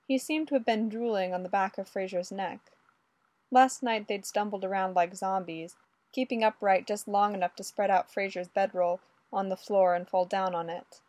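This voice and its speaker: Brief: female audiobook narrator, steady and measured, mid pitch, dry close mic. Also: no echo. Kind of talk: audiobook reading of adult fiction.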